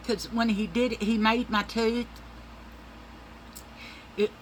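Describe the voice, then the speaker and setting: A woman's voice: mid-range voice, fairly bright tone, slight background noise, poor audio. A middle-aged woman, telling rambling, profane stories in a casual monologue and calling her listeners y'all.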